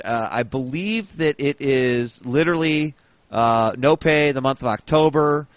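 Man hosting an esports podcast, halting. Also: mid-range voice, a bit bright, dry recording. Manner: hesitant, many fillers and restarts. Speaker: podcast host. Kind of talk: casual esports podcast chat.

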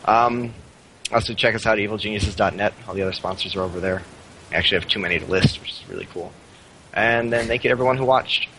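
Quick bright-sounding guy bantering, faint room tone behind. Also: fairly low pitch, a little hiss or hum, poor audio. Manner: quick, upbeat, playful. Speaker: esports player on a panel. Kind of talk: casual banter.

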